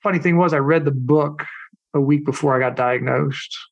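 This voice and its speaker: A middle-aged man, a podcast guest and coach, telling his story in a casual, animated way, acting out what others said and swearing bluntly. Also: on the high side, normal speed, muffled recording. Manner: animated, acts out quoted people.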